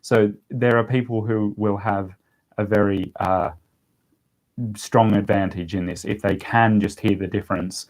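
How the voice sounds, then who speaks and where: A man's voice: lowish voice, unhurried. A young man casually chatting on a livestream and answering viewer questions, rambling with lots of ums. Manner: relaxed, rambling, with frequent ums and laughs. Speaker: language-learning YouTuber answering live chat.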